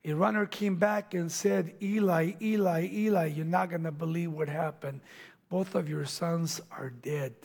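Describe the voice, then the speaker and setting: A man preaching a sermon, retelling a Bible story dramatically, acting out the voices and dropping to hushed near-whispers. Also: a little high, steady tone, unhurried, creaky, slightly rough.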